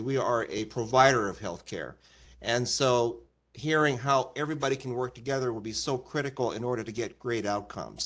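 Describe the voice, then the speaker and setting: A man's voice: medium pitch, fairly bright tone. A man in his sixties, a health plan medical officer, introducing himself to a task force with passionate earnestness. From Washington, D.C. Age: 60s.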